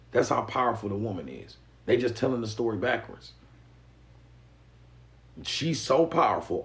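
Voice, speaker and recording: A man from the Mississippi Delta, giving a profane, animated live-stream lecture to his viewers. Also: lowish voice, poor audio. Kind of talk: casual live-stream monologue.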